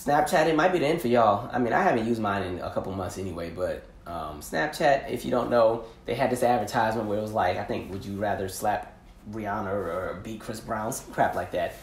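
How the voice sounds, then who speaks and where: A man hosting a podcast, telling casual stories in a slangy, animated way and laughing often. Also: on the low side, quick pace, creaky, hardly any pauses, roomy sound. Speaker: podcast host. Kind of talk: casual storytelling monologue.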